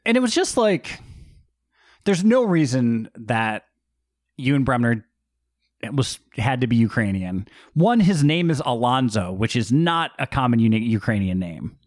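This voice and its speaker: A male podcast co-host trading wry, deadpan asides in casual movie talk. His pitch moves lively and wide. The recording is dry and close, with no room sound around him. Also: a little slow, dry recording. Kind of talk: casual movie-review chat.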